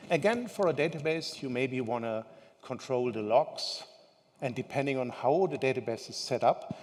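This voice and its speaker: A man's voice: medium pitch, darkish tone. Man giving a talk in a reverberant hall. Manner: conversational, asks the audience questions. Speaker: conference speaker. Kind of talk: technical conference talk. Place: large conference hall.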